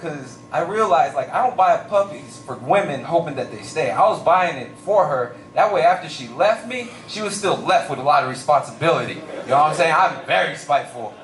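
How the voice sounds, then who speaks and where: Animated young man doing stand-up. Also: a little high, fairly quick, hardly any pauses, echoey room, distant mic, slight background noise. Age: young adult. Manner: animated storytelling with lots of voices and shouts. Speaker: stand-up comedian. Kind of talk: stand-up comedy set.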